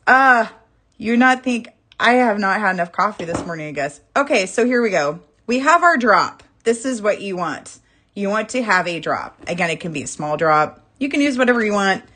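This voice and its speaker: A woman's voice: mid-range voice, a bit bright. A woman teaching a live wire-wrapping jewelry class, chatty and self-laughing, greeting viewers as she works. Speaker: jewelry-making instructor. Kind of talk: live craft demonstration.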